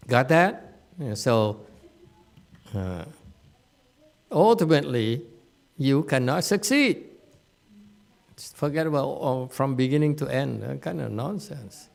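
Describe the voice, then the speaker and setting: A man's voice: medium pitch, gravelly. A man teaching a dharma lecture to students at a meditation center, plain-spoken and teasing, with many fillers and restarts. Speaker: Buddhist teacher.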